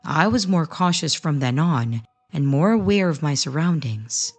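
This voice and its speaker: Low-voiced woman narrating creepy stories. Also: animated, a little slow, faint music behind. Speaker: storytelling channel narrator.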